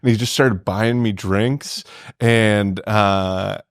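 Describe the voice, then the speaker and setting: A man's voice: lowish voice, fairly even intonation, slow, clear, resonant tone, no room sound, studio quality. A man in casual podcast chat, telling a long rambling story packed with "like" fillers.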